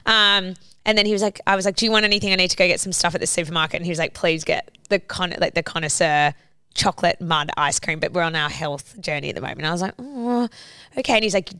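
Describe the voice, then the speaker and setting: A woman's voice: on the low side, fast talker, clean tone, dry recording. A woman, co-hosting a casual podcast and retelling stories, acting out what people said and swearing freely. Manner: animated storyteller, acts out quoted lines, swears freely. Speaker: podcast co-host. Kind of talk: casual chat.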